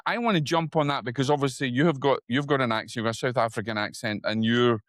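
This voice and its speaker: A Scottish man hosting an interview, eager and chatty, often restarting sentences and rising in pitch when excited. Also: dry recording, clean studio sound. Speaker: host. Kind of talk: casual interview talk.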